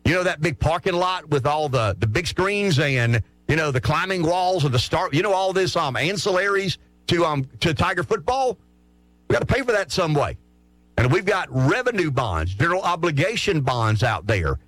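A man's voice: fairly high pitch, big pitch swings, moderate pace, fairly bright tone, no room sound, faint music behind. A man arguing opinions on a sports talk show, firing off rhetorical questions and answering them himself.

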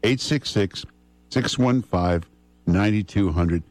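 A radio host, his voice sitting on the low side. He talks in a relaxed, conversational way and fills pauses with "uh" a lot. The sound is close and dry, straight from a studio mic. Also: no room sound. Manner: relaxed, conversational, frequent "uh" fillers. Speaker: radio talk host filling in. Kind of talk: casual talk radio banter and live ad read. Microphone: studio broadcast mic.

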